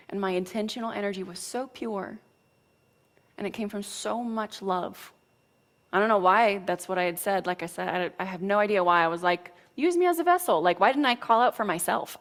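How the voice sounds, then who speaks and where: Woman coach giving a spiritual pep talk, blunt and chatty, swears a little, mid pitch. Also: normal speed, a bit bright. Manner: frank and casual, with mild cursing and frequent "right?" check-ins. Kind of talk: motivational teaching talk.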